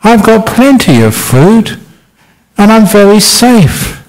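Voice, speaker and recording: A man's voice: sits high, sing-song, slow pace, darkish tone, pitched above the performer's own voice, heavily acted, low-quality recording. A man voicing a big, fat, jolly male spider who is cheerful and welcoming in a storytelling talk.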